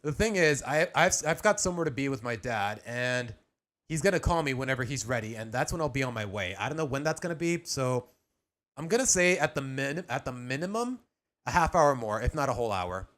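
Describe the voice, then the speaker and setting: A man's voice: medium pitch, lively intonation, fairly quick, a bit bright. A young adult man chatting casually on a live stream as he reacts to a video, rambling with restarts and slang.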